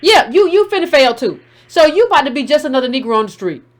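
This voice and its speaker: A woman host with a high-pitched voice and talks back to a caller. She is blunt and combative and repeats herself to keep the floor. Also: sing-song, quick pace. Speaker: show host taking calls. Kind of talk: heated call-in show commentary.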